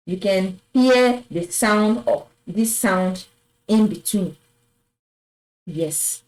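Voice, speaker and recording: A woman teaching French pronunciation, patiently repeating each word and affirming with a soft "yes". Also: mid-range voice, extremely slow, long pauses, low-quality recording. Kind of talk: slow explanatory lesson.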